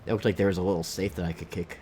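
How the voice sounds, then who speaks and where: A low-pitched man with a stuffed-up nose rambles casually through a gameplay stream. He drifts between thoughts and now and then reads the game's lines aloud. A faint hiss sits under his voice. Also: fairly even intonation, racing, mellow.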